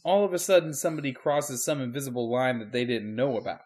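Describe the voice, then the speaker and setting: A man co-hosting a podcast, reacting with quick wry comments and laughter in a casual chat. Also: mid-range voice, a little mellow. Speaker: podcast co-host, preacher.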